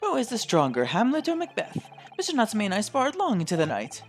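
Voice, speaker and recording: A man's voice: sits high, wildly swooping pitch, a little fast, pitched above the performer's own voice, heavily acted. A man voicing a theatrical male lodger in a game who speaks in archaic, declaiming verse. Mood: grandiose. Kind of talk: fan voice-over of a game. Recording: faint music behind.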